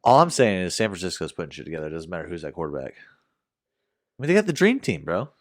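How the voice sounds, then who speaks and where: A man co-hosting a sports podcast in casual, profane chat, excitable and quick to shout. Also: low voice. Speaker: podcast co-host.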